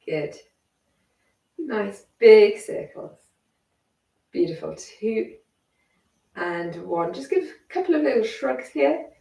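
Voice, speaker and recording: A croaky woman instructor talks a class through gentle neck and shoulder stretches, calm and encouraging. Her voice has a gravelly edge, and she sounds a little far from the mic in an echoey room. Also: fairly high pitch, slow pace, pauses often. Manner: calm, encouraging step-by-step cueing. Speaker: fitness instructor.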